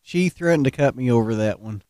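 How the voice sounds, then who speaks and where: Laid-back man with a mellow voice. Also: medium pitch, animated, fairly quick, no room sound. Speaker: podcast host. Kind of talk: casual storytelling.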